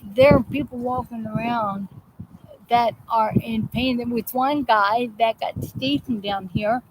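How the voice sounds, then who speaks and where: A slow, meandering woman's voice with a slightly high pitch, chatting to a live audience in a halting way with lots of restarts. She is recorded outdoors with heavy background noise and passing vehicles. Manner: rambling, halting, many restarts and fillers. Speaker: host of a live viewer chat show. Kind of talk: casual live-stream chat.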